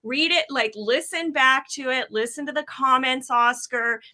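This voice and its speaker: A Canadian woman speaks on a panel in a raised, bright voice. She talks earnestly and loops back over her own phrases. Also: high voice, measured pace. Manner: earnest, rambling, repeats phrases. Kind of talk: casual panel chat.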